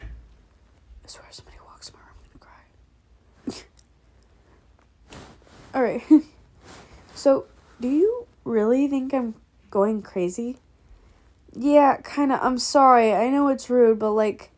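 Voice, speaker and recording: A woman's voice: fairly high pitch, a little mellow. A young woman casually reading a fan story aloud, laughing often, swearing and breaking off to react. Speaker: fanfic reader.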